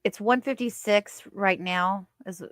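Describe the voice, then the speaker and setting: A woman's voice: mid-range voice, a little slow, dry recording, studio quality. A woman hosting a casual livestream, chatting with viewers and reading their comments aloud. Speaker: livestream host.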